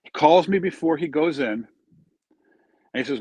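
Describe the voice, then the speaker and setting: A man's voice: mid-range voice, animated, normal speed, pauses often, a little mellow, slightly rough, no room sound. A man, a charity founder, telling an earnest story in an interview and acting out the quoted dialogue.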